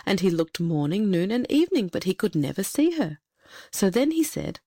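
A woman narrating a fairy tale in a measured, expressive storytelling manner. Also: medium pitch, no echo, clean studio sound.

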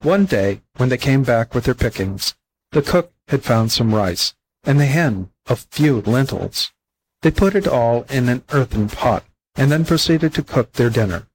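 A man reading a children's fable aloud as a volunteer audiobook narrator, calm and unhurried. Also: medium pitch, a little hiss or hum, rough recording. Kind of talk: storybook narration.

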